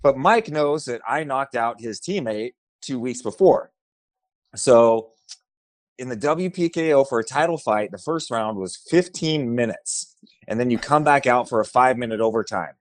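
A man's voice: medium pitch, moderate pace, dry recording, clean studio sound. A man, a former fighter, telling a story in a casual chat and acting out the voices of the people in it. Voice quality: animated, acts out voices in his stories.

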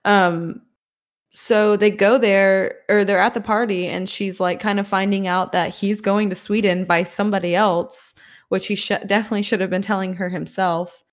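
A woman's voice: medium pitch, moderate pace. Blunt, profane woman in casual chat. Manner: blunt, profane, animated retelling of scenes. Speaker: podcast panelist discussing a film.

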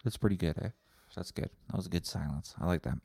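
A man's voice: low-pitched, fast, vocal fry, dark tone, breathy edge, no echo, studio quality. A man hosting a solo podcast, rambling and ranting sarcastically with lots of swearing and self-interruptions. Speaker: podcast host.

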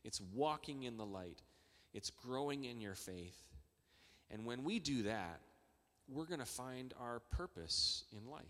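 A man preaching a sermon as pastor, talking in a conversational way that builds to excited emphasis. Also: mid-range voice. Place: church hall. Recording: long reverb of a large church hall.

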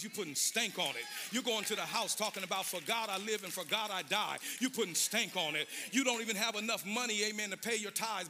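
Ask for a bright, high-voiced preaching pastor. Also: male voice. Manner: preaching with rising, sung shouted cadences; conversational and playful with the congregation. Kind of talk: sermon. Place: church sanctuary.

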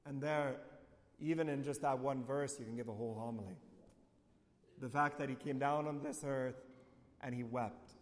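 A man, a priest, giving a reflective homily, often dropping quiet and low on key lines. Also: fairly even intonation, moderate pace, long reverb tail.

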